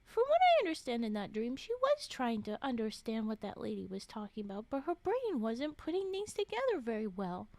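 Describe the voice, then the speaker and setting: A woman streamer reading a story aloud on stream, breaking in with animated, indignant asides. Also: a little high, brisk, few pauses, dry recording.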